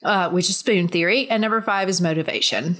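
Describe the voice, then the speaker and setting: A woman's voice: on the low side, a little fast, fairly bright tone. A woman co-hosting a podcast, chatting casually and encouraging listeners. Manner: encouraging, upbeat. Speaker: podcast co-host. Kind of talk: casual chat.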